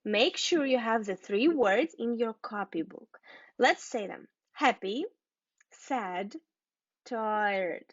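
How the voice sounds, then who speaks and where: Woman teacher, slow and deliberate, repeats and spells words for learners; dull, dry lo-fi sound. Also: a little high, animated, no room sound. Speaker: English teacher. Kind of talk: scripted lesson for learners.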